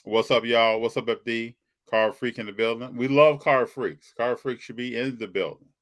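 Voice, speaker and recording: A man's voice: medium pitch, steady tone, normal speed, fairly bright tone. A man hosting a live sports and trading card podcast, chatting casually and greeting viewers by name. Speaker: podcast host. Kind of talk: casual live show chat.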